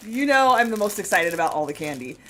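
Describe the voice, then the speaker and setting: A woman's voice: medium pitch, big pitch swings, quick pace, a bit bright, slight background noise. A woman co-hosting a painting stream, giggly and chatty, talking to viewers while opening gifts. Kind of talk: casual chat while unwrapping gifts.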